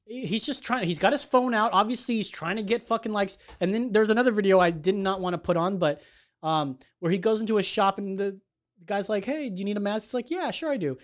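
A man's voice: high voice, brisk. A man hosting a casual reaction chat, blunt and profane, acting out what others said. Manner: blunt, profane, acts out quotes. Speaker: host.

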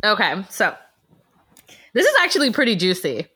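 A woman co-hosting a casual chat show, telling a profane story in an animated way. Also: mid-range voice, slightly rough. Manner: animated, profane, quick storytelling with character quotes. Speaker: podcast co-host.

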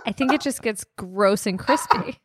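A woman's voice: medium pitch, lively intonation, moderate pace, very noisy. Dry matter-of-fact female podcast co-host. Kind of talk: casual chat.

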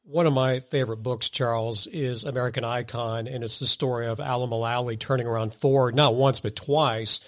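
A man's voice: medium pitch, fairly even intonation, normal speed, few pauses. Emphatic male interview host. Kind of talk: interview questions.

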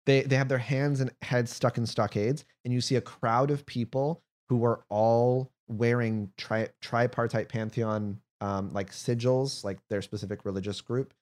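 A man narrating a tabletop fantasy game as game master, describing scenes in a relaxed way with fillers. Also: mid-range voice, measured pace, few pauses.

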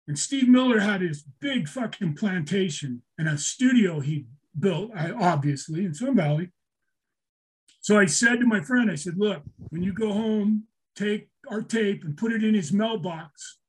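Older guy telling stories, husky voice, swears a ton, kinda high for a guy. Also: expressive, unhurried. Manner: emotional, swears often, repeats himself. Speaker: storyteller guest. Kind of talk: casual profane storytelling.

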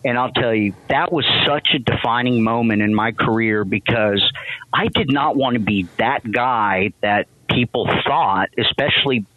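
A man guest tells an emotional story in an interview, stumbling and restarting as he goes. He speaks at an average pitch. The sound is tinny, like a phone line, and dry with no room. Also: no echo. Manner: emotional, halting, many restarts. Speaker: guest, veteran and company president.

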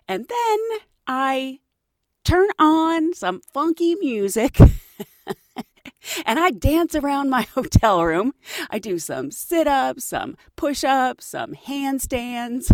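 A woman flight attendant telling stories in a casual, animated way, laughing often. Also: high voice, slow pace, no echo, studio quality. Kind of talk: casual storytelling.

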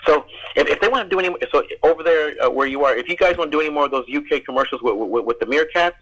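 A man's voice: on the high side, very fast, fairly bright tone, low-quality recording. An American man, a guest actor, telling rambling stories in an interview, repeating words and laughing often. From United States. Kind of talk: casual interview storytelling.

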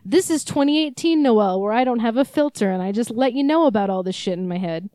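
A woman's voice: a little high, brisk, no echo. Rambling young woman storyteller. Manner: rambling, swears freely, animated storytelling. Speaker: podcast co-host. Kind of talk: casual chat.

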